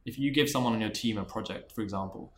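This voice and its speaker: Male interview guest, earnest storyteller, lower voice, echoey room. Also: fast, slight background noise. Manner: earnest, restarts and repeats words. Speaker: interview guest, marketing executive. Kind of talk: reflective storytelling in conversation.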